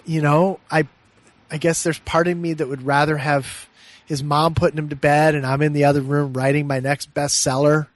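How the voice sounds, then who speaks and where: Earnest middle-aged man, slightly high voice. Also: level tone, normal speed, no room sound. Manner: earnest and reflective, often laughing softly mid-sentence. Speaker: meditation teacher and podcast guest. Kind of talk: heartfelt personal storytelling in conversation.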